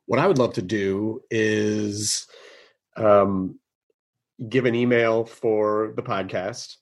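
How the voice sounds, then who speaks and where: A man hosting a podcast, talking earnestly and haltingly, often restarting his sentences. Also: on the low side, steady tone. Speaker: podcast host. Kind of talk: casual conversation.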